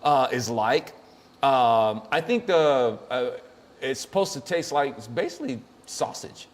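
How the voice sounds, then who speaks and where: A man's voice: medium pitch, animated, a little slow. Joking, rambling male show host. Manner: jokey, rambling, laughs often. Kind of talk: casual comedic chat.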